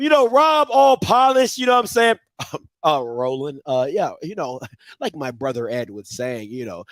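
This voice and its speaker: A man hosting a call-in show, commenting loudly and laughing, often acting out other people's voices. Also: on the high side, sing-song, moderate pace, dry recording. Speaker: show host.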